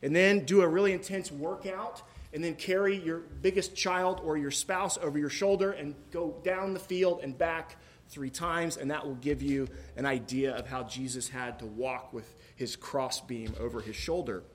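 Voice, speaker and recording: A pastor preaches in a church, first reading scripture and then talking it through. His male voice sits a little high, and his delivery is relaxed and chatty, with joking asides and the odd "uh" along the way. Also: normal speed. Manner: conversational, joking asides, some fillers.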